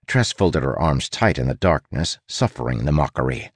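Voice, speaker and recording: Male audiobook narrator, deep voice, playful and wry, dry booth sound. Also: big pitch swings, normal speed, hardly any pauses, no echo. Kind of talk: scripted narration.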